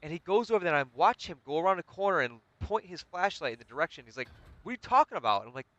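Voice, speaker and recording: Guy hosting a chill gaming chat, bright sharp voice, dry close mic, tells stories all animated. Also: on the high side, racing, dry recording, muffled recording. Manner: animated storytelling with swearing. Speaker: host. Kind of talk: casual chat while gaming.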